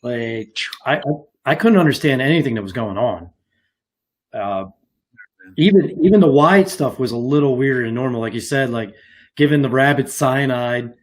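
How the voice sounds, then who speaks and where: A man's voice: medium pitch, lively intonation, normal speed. A man co-hosting a casual wrestling podcast, rambling with plenty of fillers. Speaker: podcast co-host.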